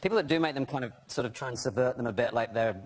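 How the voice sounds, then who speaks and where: Male actor guest, animated storytelling, restarts, mid-pitched voice. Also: rapid-fire. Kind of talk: talk show anecdote.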